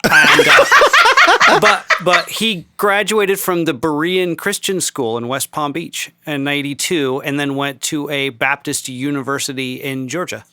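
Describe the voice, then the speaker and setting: A man in a casual podcast chat, wry and deadpan as he checks facts. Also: fairly high pitch, unhurried, a little hiss or hum. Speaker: podcast co-host.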